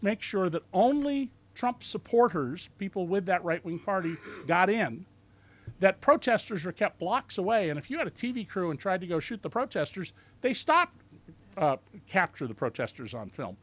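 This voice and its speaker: A man in his sixties giving a talk at a bookstore event, telling stories in a lively, sardonic way and mocking the people he quotes. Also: sits high. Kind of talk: lecture to a live audience.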